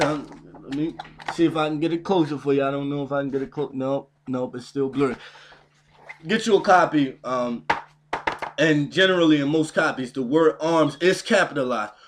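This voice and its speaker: A man's voice: a little high, fairly bright tone. A man vlogging to his viewers in a heated, preachy rant, hammering his points by repeating them. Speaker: YouTube vlogger. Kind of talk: emphatic home video rant.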